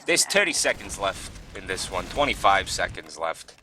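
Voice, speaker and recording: Male caster, excitable play-by-play, pitch leaps on big moments. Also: moderate pace, a little hiss or hum. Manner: excitable, voice jumps up in big plays. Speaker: esports caster. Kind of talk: live play-by-play commentary.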